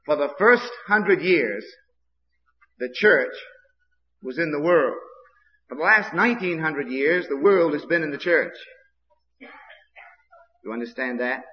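Impassioned preacher, echoing hall. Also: male voice, a little high, expressive, a little slow, pauses often. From Maine, USA. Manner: repetitive, impassioned preaching with rising outbursts. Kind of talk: sermon. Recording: dull old recording with long hall reverb.

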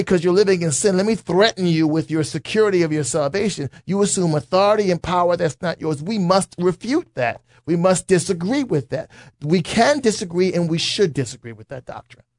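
A man who is a pastor, speaking in a conversational Bible teaching talk, forceful and repetitive, building his points as lists. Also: high-pitched, animated, a little fast, dry recording, studio quality.

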